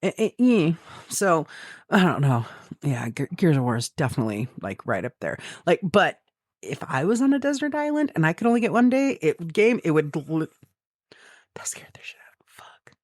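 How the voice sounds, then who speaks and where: A woman's voice: sits low, normal speed, dry recording, clean studio sound. A woman co-hosting a podcast, telling gaming stories in casual chat, swearing freely and acting out her own quoted thoughts, from the American Midwest. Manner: swears freely, animated storytelling with quoted asides. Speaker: podcast co-host.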